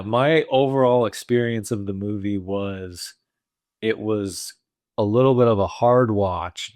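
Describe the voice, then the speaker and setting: A man co-hosts a film podcast and talks in a relaxed, measured way. His voice is low, and the recording is dry and close. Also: no room sound. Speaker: podcast co-host. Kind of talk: casual film discussion.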